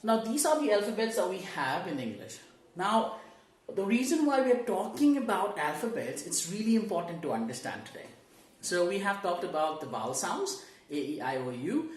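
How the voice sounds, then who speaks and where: A woman's voice: medium pitch, echoey room. A woman training learners in English pronunciation, explaining step by step, asking rhetorical questions and modeling sounds aloud for them to repeat. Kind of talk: online teaching lesson.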